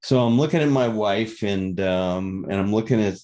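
A man's voice: on the low side, normal speed, a little mellow. A man telling a personal story in a candid, conversational way, turning it into a reflective lesson.

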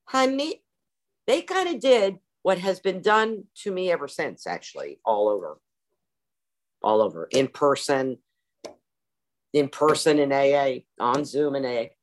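Animated low-voiced woman telling her story. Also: measured pace, long pauses. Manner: animated, theatrical, self-mocking humor. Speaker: speaker sharing her recovery story. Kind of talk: personal storytelling talk.

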